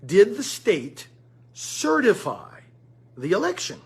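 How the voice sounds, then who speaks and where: A man's voice: high voice, huge pitch swings, slow, darkish tone, husky. A man giving an earnest political commentary monologue straight to his listeners, calling them friends. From United States.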